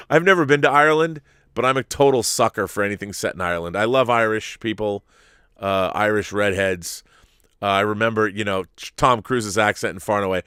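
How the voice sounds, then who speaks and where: A man's voice: fairly low pitch, fairly bright tone, clean tone, dry recording, studio quality. A man hosting a live-streamed talk show, chatting casually to viewers in a rambling, stop-start way at a desk mic.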